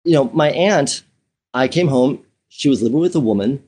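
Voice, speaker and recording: A man's voice: mid-range voice, lively intonation, moderate pace, darkish tone, breathy edge. A man recounting a personal story in a conversational interview, chatty and candid, with fillers, restarts and frequent laughs. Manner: laughs often while telling. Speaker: interview guest.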